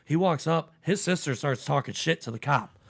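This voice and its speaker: A man's voice: a little high, lively intonation, normal speed, gravelly. A man hosting a podcast, telling a story in casual, profane chat. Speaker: podcast host.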